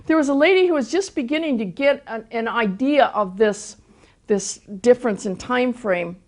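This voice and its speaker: A woman's voice: on the high side, normal speed. Older woman telling a testimony. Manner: storytelling with frequent restarts. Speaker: Christian teacher. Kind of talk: personal testimony talk.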